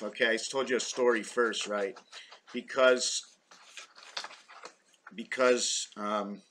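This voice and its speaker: Excitable man rambling to camera. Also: medium pitch, slight background noise. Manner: excitable, wandering, thinking aloud with many rhetorical questions. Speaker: vlogger.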